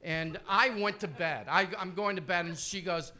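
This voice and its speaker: High, bright-voiced man telling stories. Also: fairly even intonation, moderate pace, hardly any pauses. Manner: rambling, profane, self-deprecating. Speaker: comedian. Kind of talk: stand-up storytelling.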